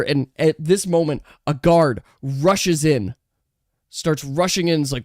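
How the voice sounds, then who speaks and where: A game master narrating a tabletop game in a lively way, laughing and making quick asides to the players, on a close, dry mic. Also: medium pitch, no echo.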